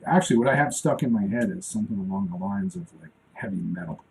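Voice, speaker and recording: A man's voice: medium pitch, big pitch swings, fast, gravelly, darkish tone, slight background noise, low-quality recording. A man in his forties chatting casually on a live stream while he draws, rambling and talking to himself as he works. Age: 40s. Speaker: cartoonist streaming while drawing.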